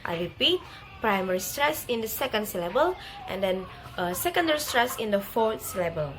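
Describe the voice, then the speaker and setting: A young woman student explaining a language topic in a class presentation, slow and careful, saying each example word twice and louder. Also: medium pitch, sing-song. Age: young adult. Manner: many fillers and restarts, non-native phrasing.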